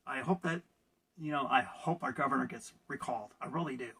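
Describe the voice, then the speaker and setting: A man's voice: medium pitch, a little fast, a bit bright, breathy edge. A man from California ranting in a casual opinion vlog, sarcastic and laughing at his own jokes. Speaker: vlogger.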